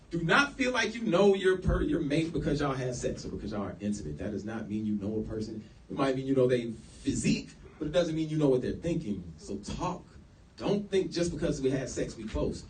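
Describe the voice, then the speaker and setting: Animated man lecturing in an echoey room. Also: mid-range voice, a little hiss or hum. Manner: animated, acts out quoted speech, slangy. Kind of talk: casual lecture to a live audience. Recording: echoey room, mic far off.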